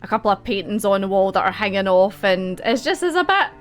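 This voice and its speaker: A woman's voice: mid-range voice, very animated, fast, soft background music. Giggly Scottish woman running a game. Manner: giggly, rambling, laughs often. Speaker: game master. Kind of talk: narrating a tabletop game.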